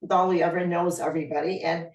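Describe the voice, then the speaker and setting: A woman's voice: fairly low pitch, flat delivery, quick pace, a little mellow, distant mic. A woman in her sixties hosting a faith podcast, asking rambling questions. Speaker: podcast host. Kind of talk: casual podcast chat. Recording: echoey room, off-mic.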